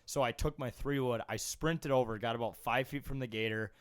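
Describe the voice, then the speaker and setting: A man hosting a casual sports podcast. His voice is smooth and clear, the sound dry and close to the mic. He jokes around and tells stories at an easy clip. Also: mid-range voice, fairly quick, no room sound. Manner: joking storyteller. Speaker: podcast host.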